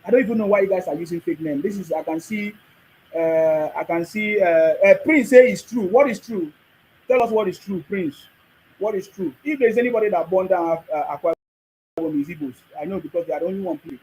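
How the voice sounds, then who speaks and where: A man's voice: high-pitched, fairly quick, darkish tone, a little hiss or hum, poor audio. A middle-aged man with a Nigerian accent hosts a livestream, reading viewer comments and commenting on them in a repetitive, preachy way. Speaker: livestream host.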